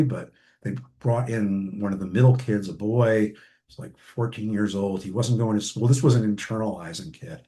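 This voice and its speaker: A man, a family therapist, lecturing to trainees and telling case stories in a halting way with many fillers and restarts. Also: fairly low pitch, dark tone.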